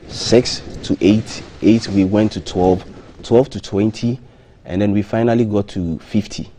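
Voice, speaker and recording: A man, a hotel marketing manager, interviewed as a guest on a live breakfast TV show, speaking in a measured way with frequent ums and restarts. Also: deep voice, dark tone. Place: TV studio.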